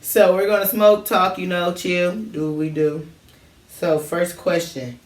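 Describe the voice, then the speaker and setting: This podcast co-host's voice is on the low side and darkish, with a steady tone and a slightly slow pace, captured far from the mic. Smoking during a casual late-night chat, she shares childhood memories in a laid-back, slangy manner with plenty of laughter. The off-mic sound is echoey with faint noise.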